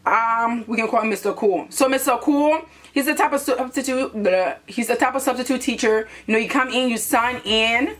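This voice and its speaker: A woman's voice: on the high side, moderate pace, few pauses, fairly bright tone. A young woman from Liberia telling a casual storytime to her viewers, blunt and profane, speaking straight to them. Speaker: YouTuber.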